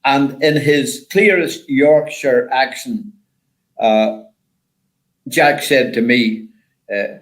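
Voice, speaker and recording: A man's voice: on the high side, a little slow, low-quality recording. Older man telling rally stories. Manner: rambling, repeats words, animated when quoting others. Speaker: guest, former rally driver. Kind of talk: casual storytelling chat.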